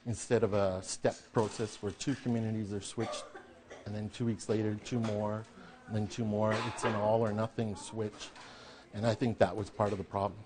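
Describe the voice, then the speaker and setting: A man giving an interview, answering hesitantly with pauses as he thinks aloud. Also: lowish voice, flat delivery. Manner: hesitant, many fillers and restarts while thinking aloud.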